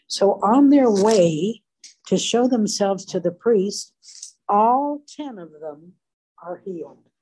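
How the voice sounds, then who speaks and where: Slow, mellow woman giving a sermon. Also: medium pitch, low-quality recording. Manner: earnest, slow and deliberate, acts out quoted voices briefly. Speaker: Bible teacher. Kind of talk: sermon with retold Bible stories.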